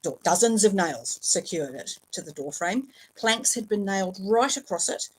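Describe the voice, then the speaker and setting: A woman's voice: mid-range voice, normal speed, breathy edge, low-quality recording. A woman reading a novel aloud at home, storytelling expressively with the odd slip and filler. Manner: expressive, lively storytelling with small slips and fillers. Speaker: reader.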